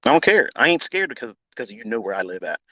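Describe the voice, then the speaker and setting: A man's voice: medium pitch, very animated, fast talker, sharp tone, no room sound, low-quality recording. A man teaching trading as a mentor, ranting bluntly with heavy swearing and repetition. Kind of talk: unscripted profane rant.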